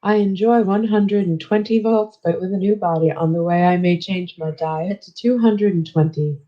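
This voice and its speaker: A woman's voice: lowish voice, moderate pace, lightly acted. A synthetic woman's voice speaking for a terse, literal female robot, off-mic on dull lo-fi audio. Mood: matter-of-fact.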